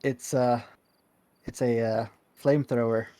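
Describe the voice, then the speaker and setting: Brief: man, casual gamer chat, rambling and chuckly, mid-pitched. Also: steady tone, unhurried, mellow. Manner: rambling, chuckling, many restarts. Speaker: streamer playing a city-builder game. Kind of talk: casual group chat while gaming.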